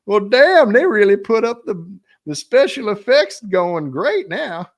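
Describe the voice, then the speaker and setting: A twangy, easily impressed rural Southern man, as a man puts him on, with a drawl pushed far up into a high, strained register. The words stretch out slowly, and the voice gets loud and pressed. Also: big pitch swings, full character voice. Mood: amazed. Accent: put-on Southern American drawl.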